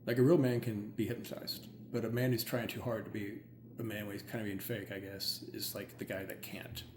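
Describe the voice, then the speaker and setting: A man who works as a hypnotherapist, chatting casually and excitedly, rambling with many "like"s. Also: fairly low pitch, fairly quick. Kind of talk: casual chat. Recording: roomy with faint ambient noise.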